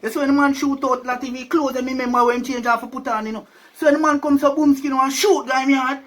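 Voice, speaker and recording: Jamaican male storyteller, high pitched, loose and conversational. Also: steady tone, quick pace, fairly bright tone. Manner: chatty, keeps asking "you see me?". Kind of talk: casual storytelling.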